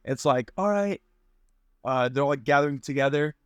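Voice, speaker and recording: A young man telling a story in casual chat as a podcast guest, animated, with lots of fillers and slang. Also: fairly high pitch, normal speed, clean tone, no echo, muffled recording.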